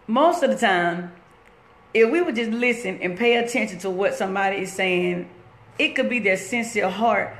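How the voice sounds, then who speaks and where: A woman giving a casual motivational talk on a phone live stream from her workplace, rambling and conversational. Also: mid-range voice. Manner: rambling, loose and conversational, breaks off to greet viewers. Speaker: inspirational speaker on a live stream. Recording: echoey room with faint background noise.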